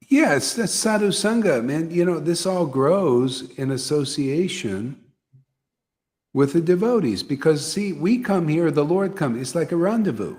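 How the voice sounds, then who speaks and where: A man's voice: medium pitch, very animated, unhurried, darkish tone. A man teaching a devotional gathering, repeating phrases and often asking "see?". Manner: repetitive, emphatic, asks listeners "see?". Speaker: spiritual teacher leading satsang.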